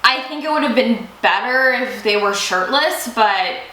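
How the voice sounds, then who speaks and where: A woman's voice: on the high side, lively intonation, measured pace, bright, forceful tone. A young woman co-hosting a casual TV review chat, gushing and giggly, swearing casually. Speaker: co-host. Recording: echoey room with faint hiss.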